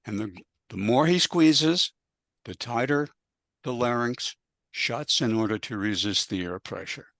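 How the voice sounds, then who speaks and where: A man speaking as a panelist, explaining a process step by step in a measured way and walking through examples. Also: medium pitch, creaky, fairly bright tone, no room sound, clean studio sound.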